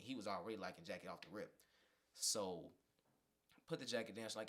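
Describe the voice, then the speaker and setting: A man's voice: sits low, normal speed. A young man from Indiana, a fashion designer guest on a podcast, telling a story casually and acting out the dialogue of the people in it. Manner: animated storyteller, acts out quoted dialogue.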